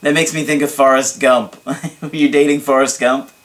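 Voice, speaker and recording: A man's voice: medium pitch, little pitch movement, normal speed, fairly bright tone. A man working as a relationship coach, reading a viewer's letter aloud and answering it. He jokes and laughs at himself, then turns earnest when he explains. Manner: joking and self-mocking, laughing at his own asides.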